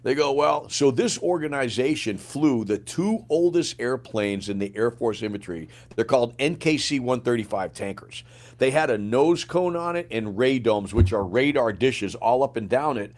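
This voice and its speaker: A man's voice: mid-range voice, normal speed. An older man, a retired soldier, telling stories in a casual interview, acting out the dialogue and swearing freely. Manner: animated storyteller, acts out quoted dialogue, swears freely. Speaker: guest, retired Green Beret sergeant major.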